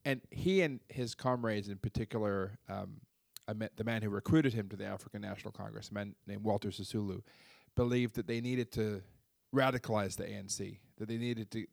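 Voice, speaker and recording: A man's voice: on the low side, fairly even intonation, gravelly, a little mellow, dry recording. A man answering as a guest, explaining history and often restarting his phrases. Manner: halting, repeats words at starts of phrases.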